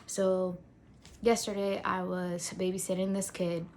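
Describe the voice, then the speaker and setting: A woman's voice: lowish voice, little pitch movement, unhurried, a little mellow, a little hiss or hum. A young adult woman speaking in a casual faith vlog, telling a personal story in a conversational way with lots of filler words. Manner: conversational, many "like" fillers, acts out quotes. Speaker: faith vlogger.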